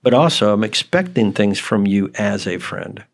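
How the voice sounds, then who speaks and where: A man chatting as a podcast guest, explaining in an animated, counsel-like way. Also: fairly low pitch, normal speed, vocal fry. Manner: animated, acts out quoted dialogue with laughs. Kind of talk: casual conversation.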